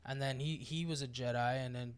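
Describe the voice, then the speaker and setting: A man's voice: mid-range voice, fairly even intonation, fairly quick, clean tone. A man co-hosting a podcast in casual chat, explaining show lore with many hesitations. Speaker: podcast co-host.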